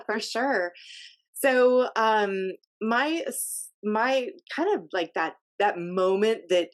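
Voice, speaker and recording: A middle-aged woman talking as a guest on an interview show, speaking in a casual way with many fillers and restarts, over a video call. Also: medium pitch. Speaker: podcast guest, health coach.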